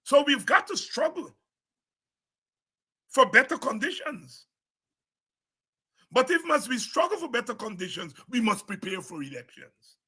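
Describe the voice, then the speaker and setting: A man with a Guyanese accent giving an impassioned political address as a party leader, forceful and emphatic, repeating words for stress. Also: very high-pitched, big pitch swings, a little slow, pauses often, slightly rough.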